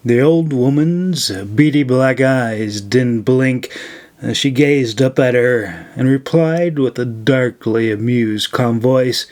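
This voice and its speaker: A man reading his own fantasy novel aloud as narrator, slow and measured. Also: medium pitch, lively intonation, darkish tone. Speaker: author and narrator. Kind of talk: audiobook narration.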